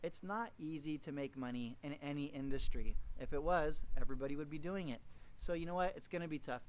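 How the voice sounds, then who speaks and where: Upbeat male sales trainer, fairly high voice. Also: fairly quick. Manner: energetic, folksy, acts out little dialogues. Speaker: network marketing trainer. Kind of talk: motivational training talk.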